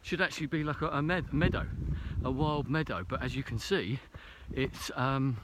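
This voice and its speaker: A man's voice: medium pitch, moderate pace. Man, outdoor hiking vlog, slightly out of breath, rambling with fillers, noisy camera audio. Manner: rambling, self-correcting, hesitant with many fillers. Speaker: vlogger. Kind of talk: casual vlog while hiking. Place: snowy mountain trail outdoors.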